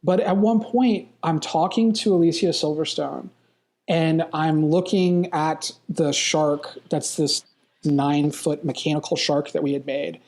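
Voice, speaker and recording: A man's voice: a little high, a little mellow. A man talking as a filmmaker guest in a casual interview, enthusiastic and rambling, from a hotel room. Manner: enthusiastic, rambling, quick bursts.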